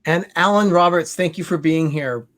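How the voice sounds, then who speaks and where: A man's voice: a little high, moderate pace, fairly bright tone. A man co-hosting a casual livestream chat, reading out the list and viewer comments with an upbeat manner.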